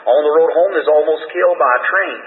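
Male preacher, folksy storyteller, slightly high voice, thin phone-like sound. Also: quick pace. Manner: folksy, conversational testimony with quoted dialogue. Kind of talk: sermon storytelling. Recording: tinny, distant, echoey old hall recording.

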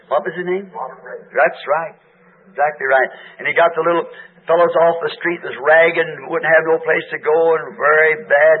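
Hoarse older man, folksy pulpit preacher, slightly high voice, thin lo-fi church tape. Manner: homespun, chatty, asks the crowd questions. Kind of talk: informal sermon to a congregation. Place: church meeting hall. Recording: tinny lo-fi tape of a church service.

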